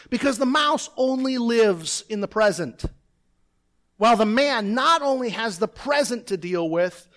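A man's voice: high-pitched, a bit bright. A man preaching a sermon from a church pulpit, seated, easing in with self-deprecating stories and chatty asides. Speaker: pastor. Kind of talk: sermon with personal anecdote.

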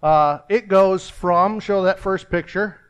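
An older man preaching a folksy, rambling sermon with a joke, pausing and restarting often. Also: high voice, a bit bright, smooth. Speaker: pastor.

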